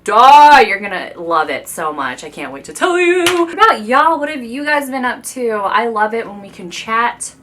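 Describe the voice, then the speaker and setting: A woman's voice: on the high side, very animated, normal speed, few pauses, background noise. A woman in her thirties chatting to viewers while doing her makeup at home, gushing and confiding. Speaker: beauty vlogger. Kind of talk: chatty get-ready-with-me talk.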